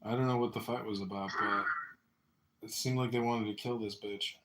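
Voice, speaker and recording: A man hosting a casual livestream chat, telling rambling stories and loudly acting out what people said. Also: on the low side, steady tone, fairly quick, very noisy. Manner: rambling storyteller, acts out quotes loudly. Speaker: livestream host. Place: apartment. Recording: echoey room.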